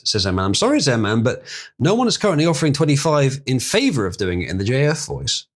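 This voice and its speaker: A man streaming live in an easygoing, chatty way, reading long technical words and tripping over a few. His pitch moves around freely, and his tone stays loose and conversational. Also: sing-song, fast talker. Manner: stumbling over hard words, chatty with the audience. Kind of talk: casual live-stream chat and reading aloud.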